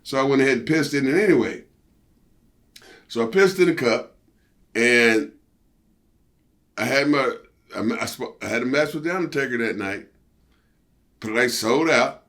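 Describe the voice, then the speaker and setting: A middle-aged man, a former pro wrestler, telling stories in a casual interview, animated and profane, peppered with "you know" and "see". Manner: animated storyteller, jumps high for quoted outbursts.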